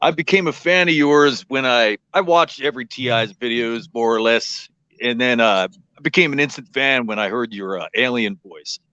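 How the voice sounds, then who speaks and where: A man's voice: mid-range voice, moderate pace, sharp tone, smooth. A man calling in to a live stream by phone, talking in a friendly, easygoing way. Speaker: guest caller. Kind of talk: casual chat. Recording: muffled phone audio.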